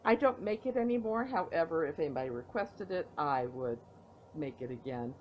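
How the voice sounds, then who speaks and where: A middle-aged woman rambles through a casual knitting show-and-tell, her low voice swinging widely in pitch. She sounds tired, with a chatty, meandering way of talking. The tablet recording is dull and lo-fi, with a faint hiss behind her. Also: lively intonation, normal speed. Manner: chatty, rambling, with playful "ta-da" reveals. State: tired, yawning. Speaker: knitting podcast host. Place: at home.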